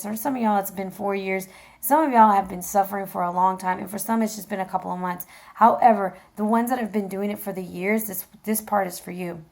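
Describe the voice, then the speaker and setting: A woman's voice: medium pitch, vocal fry, a little mellow. A woman giving a casual tarot reading, talking straight to viewers in an encouraging way, her voice getting tired. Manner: encouraging, talks straight to viewers, keeps checking in with "okay?". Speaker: tarot reader.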